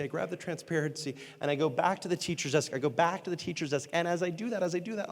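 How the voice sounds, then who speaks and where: Animated man telling a comic story. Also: fairly high pitch. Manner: animated, acts out characters with quick voice changes; self-deprecating comic timing. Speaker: motivational speaker and entertainer. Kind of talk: humorous storytelling keynote. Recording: long hall reverb.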